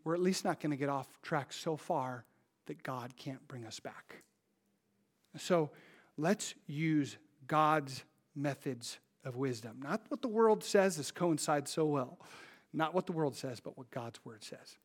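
A pastor in his thirties delivers a sermon in a notably high voice. His delivery is animated and conversational, and he often slips into quick impressions of the people in his anecdotes.

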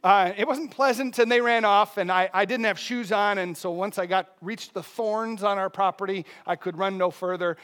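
A man in his thirties preaching a sermon, telling a personal story in an animated way with bursts of loud emphasis. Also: high-pitched, moderate pace, few pauses, clean tone. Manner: animated storytelling with laughs and sudden shouts. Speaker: pastor.

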